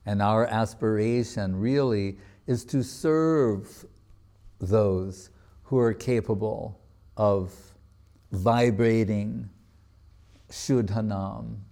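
A man with a fairly low, mellow voice gives a devotional talk. He retells a sacred story as a relaxed, conversational narrative, dropping casual asides as he goes. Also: gravelly. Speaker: spiritual teacher.

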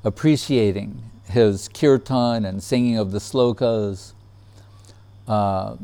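A man telling a personal memory in casual storytelling, relaxed, laughing often and acting out what others said. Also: lowish voice, slow pace, clear, resonant tone.

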